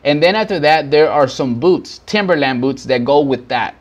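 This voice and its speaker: A man's voice: a little high, animated, moderate pace, muffled recording. A man from Houston, Texas, explaining business basics to his viewers in a loose, rambling way, full of fillers and restarts, often calling them guys. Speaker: business vlogger. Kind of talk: casual teaching monologue. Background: background noise.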